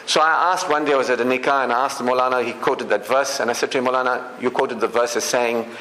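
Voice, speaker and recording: A man's voice: mid-range voice, fairly even intonation, fast talker, sharp tone. Middle-aged south african guy giving a talk at an event, chatty, keeps asking if people get it, echoey hall with a bit of noise. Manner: conversational, often asks "you know what I mean?". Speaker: speaker at a public event. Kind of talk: public talk to an audience.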